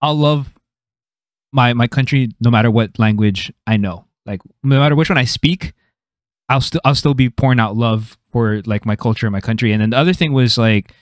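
A man's voice: medium pitch, brisk, no room sound, clean studio sound. A young man hosting a podcast, chatting casually and thinking aloud as he goes. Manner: thinking aloud, loose and rambling. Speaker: podcast host.

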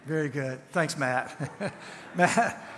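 A man's voice: fairly high pitch, very slow, a bit bright, slight background noise. A man in his sixties from Tennessee with a Southern accent gives a folksy, conversational church teaching talk. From Tennessee, USA. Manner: folksy, conversational, repeats words and restarts. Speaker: guest speaker and counselor. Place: church sanctuary. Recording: long church reverb.

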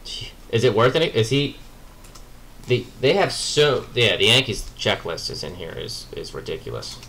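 A man hosting a card break, chatting casually and excitably as he opens packs and reads out the players and teams. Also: fairly low pitch, moderate pace, creaky. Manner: chatty, excitable, muttering asides while opening packs. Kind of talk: live card-break commentary.

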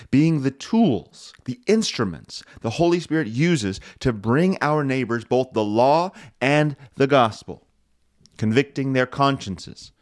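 Guy preaching on a radio show, punchy emphasis, mid pitch, dead dry sound. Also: dry recording. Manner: emphatic, rising and falling with emphasis, occasional chuckles. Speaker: pastor and radio show host. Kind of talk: devotional radio talk.

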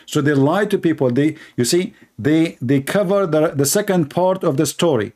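A man's voice: a little high, normal speed, few pauses, a little mellow. A man with an Arabic accent and Arabic as his first language, delivering a sarcastic, mocking monologue as a commentator, in broken grammar with repeated words. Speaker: Christian apologist commentator.

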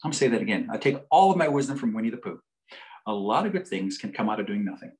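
Animated, joking male psychologist lecturing. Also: lowish voice, racing, low-quality recording. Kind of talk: storytelling lecture.

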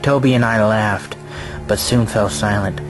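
Low-pitched guy reading a creepy story out loud, music going underneath. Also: steady tone, unhurried. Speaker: narrator. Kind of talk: scripted narration. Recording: clear background music.

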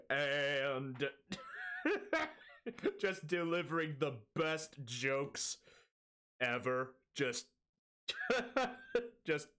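A man's voice: fairly high pitch, fairly bright tone. A young man streaming a game, chatting casually, rambling and laughing often, joking at his own expense, wired on an energy drink.

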